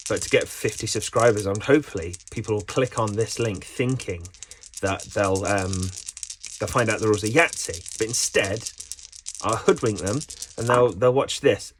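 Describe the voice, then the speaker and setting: A man's voice: medium pitch, background noise. A man hosting his own channel, rambling through a jokey, self-mocking explainer. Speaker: channel host.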